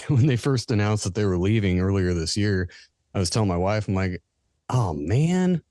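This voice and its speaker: Joking co-host, American man, deep-ish voice, dry close mic. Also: a little fast, a little mellow, no room sound. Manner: joking, self-deprecating. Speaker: guest co-host. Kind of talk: casual chat.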